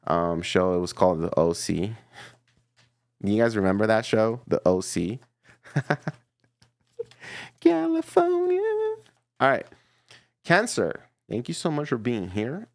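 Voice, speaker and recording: A man giving a casual, playful tarot reading to his viewers, chatty and quick to laugh. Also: lowish voice, gravelly, no echo. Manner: chatty and playful, laughs often, repeats himself. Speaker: tarot reader.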